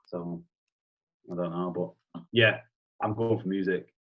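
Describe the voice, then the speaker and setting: A young British man chatting casually as a podcast guest, swearing now and then and telling a joke with lively, animated delivery. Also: low voice, unhurried. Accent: British English. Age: young adult. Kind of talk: casual chat. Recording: husky voice, dull lo-fi sound.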